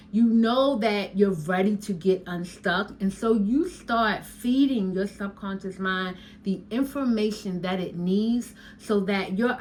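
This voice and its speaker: A woman hypnotherapist, giving an animated motivational talk and dropping into a slow, soft voice for hypnosis lines. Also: medium pitch, slight background noise. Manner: animated, preachy, talks straight to the listener as "honey" and "y'all". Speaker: hypnotherapist and podcast host.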